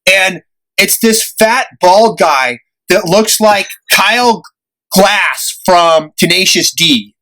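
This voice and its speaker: Animated high-voiced podcast host. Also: male voice, slow, rough recording. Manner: animated storyteller, acts out quoted voices, laughs often. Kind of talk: casual storytelling chat.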